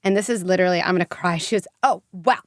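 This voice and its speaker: Expressive woman psychologist telling stories. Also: fairly low pitch, fast, no echo, clean studio sound. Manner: emotional storytelling, many fillers. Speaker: clinical psychologist guest. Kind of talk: podcast interview.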